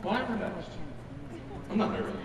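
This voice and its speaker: A man's voice: high-pitched, expressive, moderate pace. An older man giving a motivational keynote talk, folksy and anecdotal, playing to a large crowd. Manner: folksy storytelling, quotes imagined audience voices. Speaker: keynote speaker. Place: large event hall. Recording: echoey hall with crowd, from far off. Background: live audience laughter.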